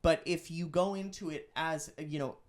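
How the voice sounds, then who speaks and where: A man co-hosting a podcast, explaining a film in an animated, chatty way with frequent asides. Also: fairly high pitch, normal speed. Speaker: podcast co-host. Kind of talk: casual chat.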